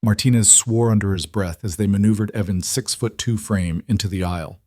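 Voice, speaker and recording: A man reading a scripted dramatic story in a measured, even delivery. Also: on the low side, dry recording, studio quality.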